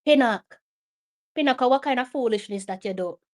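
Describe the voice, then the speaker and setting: A woman's voice: a little high, animated, moderate pace. Emotional Jamaican woman reacting to a match. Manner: emotional, pleading, mixes Patois with English. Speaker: watch-along host. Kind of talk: live match reaction commentary.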